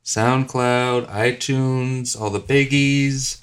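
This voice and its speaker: A man hosting a podcast in casual chat, playful and sarcastic, who shifts to a brisk announcer tone for plugs. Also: mid-range voice, fairly even intonation, very noisy. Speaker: podcast host.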